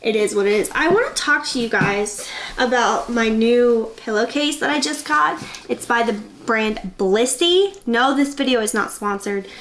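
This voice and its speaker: A young woman vlogging from her bedroom in a chatty, excitable, rambling way. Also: a little high, normal speed, a little hiss or hum. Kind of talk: casual vlog chat.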